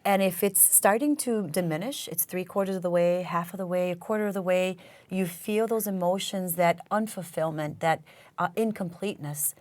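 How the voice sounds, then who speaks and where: A woman's voice: lowish voice, moderate pace, no room sound. A woman in her forties co-hosting a casual talk show, telling stories in a gushing, emotional way. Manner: gushing, emotional, warm storytelling. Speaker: co-host.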